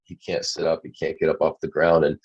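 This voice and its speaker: Deep-voiced man telling a story. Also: monotone, brisk, vocal fry, a little mellow, slightly rough. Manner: earnest storytelling with repeated restarts. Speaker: guest. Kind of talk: storytelling in a talk show interview. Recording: dull lo-fi sound.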